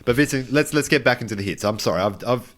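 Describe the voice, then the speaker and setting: A man's voice: mid-range voice, lively intonation, fast, fairly bright tone. A man co-hosting a podcast, chatting casually and rambling, with frequent restarts and tangents. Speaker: podcast co-host. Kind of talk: casual chat.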